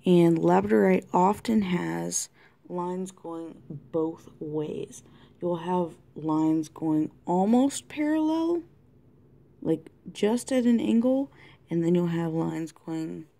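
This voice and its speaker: A woman talking through a colored-pencil tutorial in a chatty way, thinking aloud and often dropping to a soft whisper. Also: fairly low pitch, animated, takes it slowly, creaky. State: has the hiccups. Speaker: art tutorial host. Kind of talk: casual drawing tutorial narration. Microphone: camera mic close to the desk.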